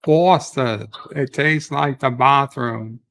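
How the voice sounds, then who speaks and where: A cheeky Australian waiter, put on by a man with a put-on Australian accent. He pitches specials in an upbeat patter over a gravelly voice. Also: takes it slowly, fairly bright tone, low-quality recording.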